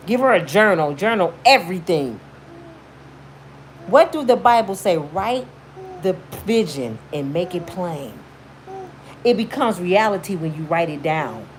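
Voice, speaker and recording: A woman's voice: on the low side, a little hiss or hum. A woman in her fifties giving blunt, emphatic, sermon-like motivational commentary on her YouTube channel.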